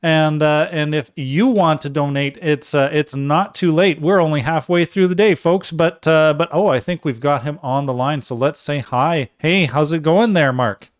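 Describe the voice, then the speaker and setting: A man hosting a live music stream, with a voice a bit higher than most men's. He talks in an upbeat, jokey way and laughs often. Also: normal speed, few pauses. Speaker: livestream host. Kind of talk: casual live show hosting.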